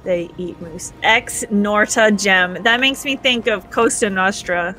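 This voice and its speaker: A woman's voice: mid-range voice, slow pace, sharp tone, faint music behind. Giggly Canadian woman streaming a game. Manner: giggly and chatty. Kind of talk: live gameplay chat, reading viewer comments.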